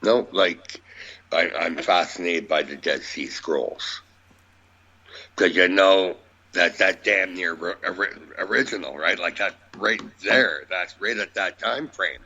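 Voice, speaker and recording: A man's voice: deep voice, slow, bright, forceful tone. A man speaking as a radio guest, musing about beliefs in a plainspoken, rambling way. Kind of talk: conversational radio interview. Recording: dull lo-fi audio.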